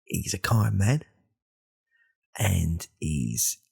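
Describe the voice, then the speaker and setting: Brief: man doing a very low, husky alpha-bro podcaster in whispered role-play, rambling and self-important. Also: big pitch swings, drawn-out words, heavily acted. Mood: hushed. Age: 30s. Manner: hushed, rambling, self-correcting. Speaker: podcast host.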